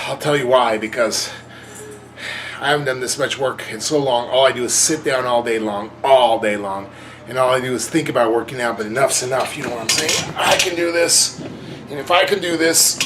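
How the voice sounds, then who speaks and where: A man's voice: medium pitch, moderate pace, fairly bright tone, a little hiss or hum, poor audio. A man vlogging his own workout in a casual, self-mocking way, counting reps aloud and out of breath. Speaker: fitness vlogger.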